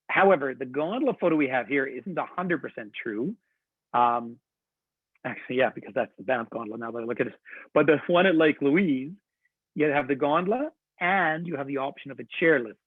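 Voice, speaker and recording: A man's voice: medium pitch, breathy edge, no room sound. Chatty tour director man on a tinny line. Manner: chatty, enthusiastic storytelling with laughs. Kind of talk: webinar presentation. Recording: tinny phone-like line, dry.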